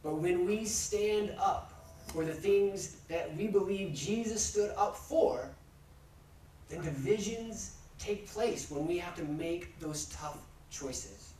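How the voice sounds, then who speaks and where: A male pastor preaching a sermon in measured, steady cadences, building his points through repeated refrains. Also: high-pitched, slight background noise. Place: church sanctuary. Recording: echoey church from far off.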